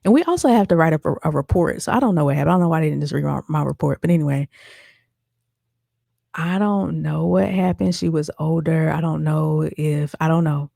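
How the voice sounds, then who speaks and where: Gravelly-voiced woman telling a story. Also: low voice, a little fast, mellow, no room sound, clean studio sound. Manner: chatty, addresses listeners as y'all, many fillers. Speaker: podcast host. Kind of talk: casual storytelling monologue.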